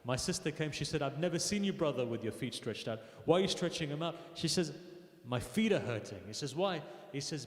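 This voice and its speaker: Man preaching in an echoey mosque hall. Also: on the high side. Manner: storytelling, voicing quoted figures with rising intensity. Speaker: speaker at a mosque gathering. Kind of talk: emotional sermon narration. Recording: echoey hall with long reverb.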